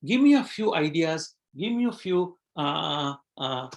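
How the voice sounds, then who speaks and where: A man's voice: a little high, big pitch swings, measured pace. A man hosting a live online webinar as a coach. He talks reflectively, asks the audience questions and often repeats words.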